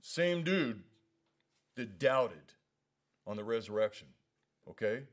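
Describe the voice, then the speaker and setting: A man teaching a Bible study in a relaxed, conversational way, often asking "you know what I mean?". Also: medium pitch, takes it slowly. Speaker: pastor.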